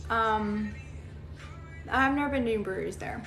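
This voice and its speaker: High, bright-voiced woman swearing freely. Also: normal speed, faint music behind. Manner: blunt and heavily profane, rambling with many fillers. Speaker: livestream host. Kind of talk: casual live chat, answering viewer comments. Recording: echoey room, faint background noise.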